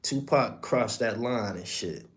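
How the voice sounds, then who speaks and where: A man's voice: fairly low pitch, slow. A man hosting a podcast, telling a story in blunt, profane, emphatic casual commentary. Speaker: podcast host.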